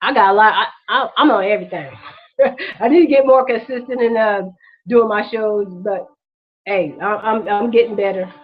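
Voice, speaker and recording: A woman's voice: mid-range voice, moderate pace. Emotional woman ranting on a lo-fi vlog. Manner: profane, repetitive, impassioned street-talk rant. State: emotional, holding back tears. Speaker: vlog host.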